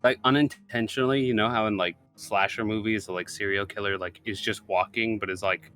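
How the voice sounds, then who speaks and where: A man's voice: lowish voice, fairly even intonation, fairly quick, sharp tone, faint music behind. A man playing in a tabletop game, describing his character chattily with lots of "like". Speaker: player. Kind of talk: casual tabletop role-play chat.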